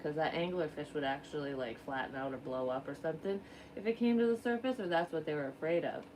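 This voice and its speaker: A woman's voice: sits low, fast, a little mellow, far from the mic, slight background noise, poor audio. A woman working as a psychic medium gives a casual card reading, rambling, frank and swearing freely.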